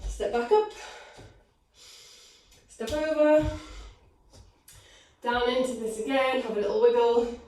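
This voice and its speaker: Winded pilates teacher on a video call, counting and cueing from across a very echoey room. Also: female voice, fairly high pitch, slow pace, pauses often, a little mellow, a little hiss or hum. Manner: counts reps aloud, upbeat encouraging cues. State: out of breath. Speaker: pilates instructor. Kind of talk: live online fitness class cueing. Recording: echoey room, distant from mic.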